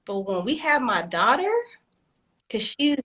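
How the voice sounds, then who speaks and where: Animated, bright-voiced woman, casual and swearing. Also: a little high, measured pace, breathy edge. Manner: animated, swears freely, laughs often. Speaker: podcast co-host. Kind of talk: casual chat.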